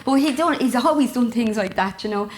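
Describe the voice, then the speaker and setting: A middle-aged woman with an Irish accent, a guest telling family stories in a lively, laughing manner. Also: a little high, brisk. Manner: lively, warm storyteller who laughs often. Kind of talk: casual storytelling chat.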